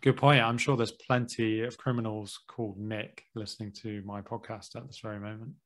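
A man's voice: fairly low pitch, little pitch movement, normal speed. A British man hosting a podcast, chatting in an easygoing way and often ending with tag questions. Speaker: podcast host. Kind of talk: casual chat.

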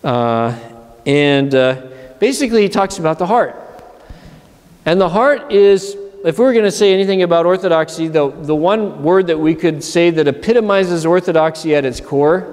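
A man's voice: a little high, animated, moderate pace, darkish tone, big-room sound. A man, an abbot from Pennsylvania, giving a conversational sermon at a retreat and acting out inner voices. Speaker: monastery abbot. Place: church.

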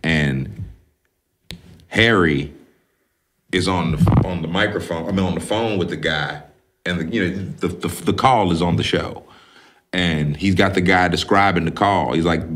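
Low-voiced man recapping a film, animated. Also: moderate pace, pauses often. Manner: animated, profane storytelling, acting out characters. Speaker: podcast host.

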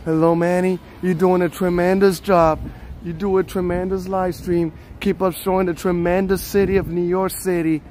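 A man's voice: high-pitched, little pitch movement, moderate pace, darkish tone, slight background noise, close to an everyday voice. A man doing an impression of a boastful male politician who keeps repeating "tremendous" while heaping praise.

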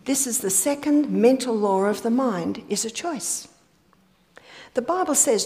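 A woman's voice: mid-range voice, moderate pace, a little mellow. A woman giving a church health lecture, telling stories and asking rhetorical questions, sometimes dropping to a whisper on key points. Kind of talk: sermon-style lecture to an audience.

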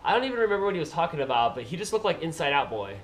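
A man's voice: a little high, sing-song, rapid-fire. A man vlogger who reads viewer comments aloud and answers them in a casual, playful way. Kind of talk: casual chat.

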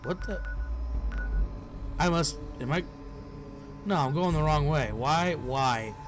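A man's voice: fairly high pitch, expressive, takes it slowly, slight background noise. A man giving joking commentary while playing a game, talking to himself and to game characters with mock outbursts, on a desk mic. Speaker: let's play gamer. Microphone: headphones and desk mic.

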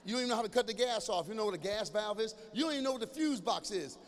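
A middle-aged man performing stand-up comedy at a live show in a large church venue, talking straight to the crowd in an animated way and now and then breaking into shouts. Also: high-pitched, rapid-fire, a little hiss or hum. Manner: animated, addresses the audience directly, breaks into shouts. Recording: echoey hall with faint ambience.

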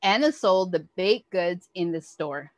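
A woman reads a children's picture book aloud at a slow, careful pace, her pitch rising and falling with lively expression. The sound is dry and close, with no room echo. She tells the story in an animated, expressive way for young listeners. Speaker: early childhood educator.

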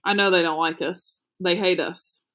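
A quiet, sorrowful young boy speaks softly in a storybook reading, as a woman reads his lines. His words come low and subdued, with sorrow under them. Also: steady tone, normal speed, natural voice. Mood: sad. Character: sad, quiet young boy behind a fence.

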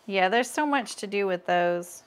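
A woman's voice: medium pitch, lively intonation, a little slow. A woman in her thirties hosting a casual sewing livestream, chatting with viewers and laughing at her own jokes as she works.

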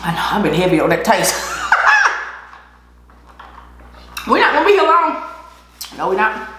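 A woman's voice: medium pitch, big pitch swings, fast talker, very noisy. A woman chatting casually while eating on a mukbang vlog, laughing often and giving encouragement. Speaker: vlogger. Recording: echoey room.

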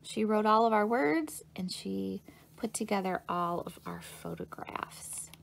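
A woman leads children's story time at an unhurried pace, her voice carrying a slight gravelly edge. She sounds upbeat and patient as she coaxes young listeners along. The recording sits under a steady hiss. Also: medium pitch. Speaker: children's librarian.

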